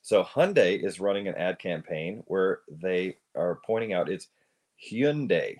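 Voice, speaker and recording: A man's voice: low voice, moderate pace, darkish tone. A man co-hosting an audio-only podcast, reading from an article in a playful, teasing way. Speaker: podcast co-host. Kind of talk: casual podcast chat.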